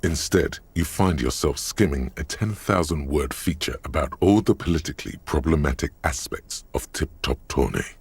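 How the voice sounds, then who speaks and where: Super deep gravelly narrator guy, husky, dry close mic, wry and measured. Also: expressive, no room sound, heavily acted. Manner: sardonic, measured second-person narration. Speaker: game narrator. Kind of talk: scripted voiced narration.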